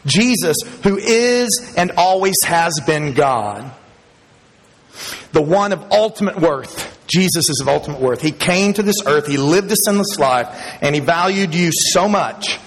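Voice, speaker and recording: A man preaching a sermon to a congregation in church, speaking emphatically, rising in pitch and loudness as he builds each point and chuckling between them. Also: expressive, a little slow, slight background noise. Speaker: pastor. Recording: long hall reverb.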